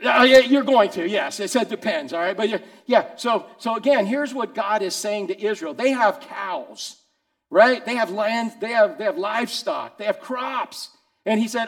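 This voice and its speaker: A man's voice: high-pitched, normal speed. A man, preaching a casual sermon, teasing his listeners and asking them questions. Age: 60s. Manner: teasing, conversational, asks the group questions. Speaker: pastor. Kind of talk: casual sermon to a small group.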